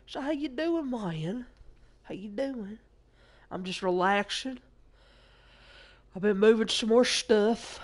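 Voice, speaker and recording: A young man, rambling profanely and excitably while telling a story over a gameplay stream. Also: high voice, slow pace, long pauses. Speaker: gaming streamer. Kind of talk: casual rambling gameplay chat.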